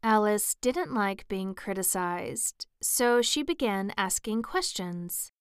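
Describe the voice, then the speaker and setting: A woman narrating a storybook in a measured, clear way. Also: mid-range voice, animated, dry recording, studio quality. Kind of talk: audiobook narration.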